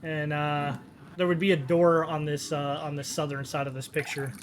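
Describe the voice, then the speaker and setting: A man's voice: on the high side, level tone, moderate pace, a little hiss or hum. A man narrating as game master of a tabletop role-play, casual and amused with many fillers.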